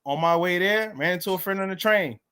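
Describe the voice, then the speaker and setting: A man telling a personal story in lively, emotional style, acting out the voices of others and laughing often. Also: high voice, fairly quick, smooth. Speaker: guest, motorcycle club president. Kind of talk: animated storytelling.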